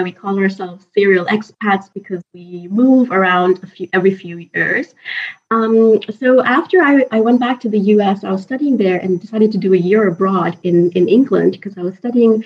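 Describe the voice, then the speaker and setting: A woman guest on a podcast, telling lively stories from her home and often laughing as she acts out old conversations. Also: mid-range voice, recorded from a distance, muffled recording. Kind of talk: conversational storytelling.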